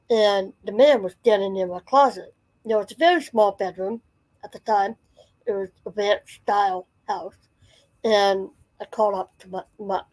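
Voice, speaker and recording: A woman's voice: mid-range voice, darkish tone, poor audio. A woman in her forties telling a personal story in a casual, rambling way, full of fillers and restarts. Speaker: channel host.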